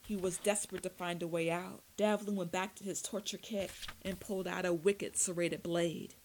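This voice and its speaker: A woman narrates a gritty fantasy audiobook in an even, steady reading. Her voice sits a bit low for a woman. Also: normal speed, slight background noise, low-quality recording.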